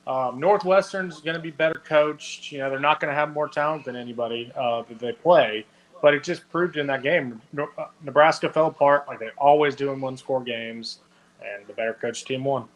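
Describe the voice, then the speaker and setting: A man's voice: medium pitch, brisk, low-quality recording. A man co-hosting a sports podcast, blunt and opinionated. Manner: blunt, opinionated trash talk. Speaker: podcast co-host. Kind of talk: casual sports podcast chat.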